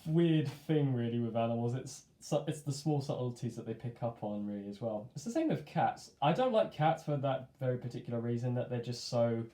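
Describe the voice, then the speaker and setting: Rambling young man, warm voice. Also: medium pitch, animated, fairly quick, few pauses. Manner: rambling, chatty, self-amused, heavy on filler "like". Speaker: vlogger. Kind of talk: casual storytime monologue. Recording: echoey room.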